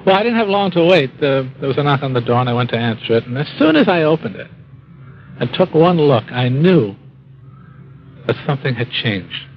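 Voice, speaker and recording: A man telling a personal story in a wry, dry-humored way, with halting restarts. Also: mid-range voice, lively intonation, highs cut off, a little hiss or hum. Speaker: speaker telling his life story. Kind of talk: storytelling talk.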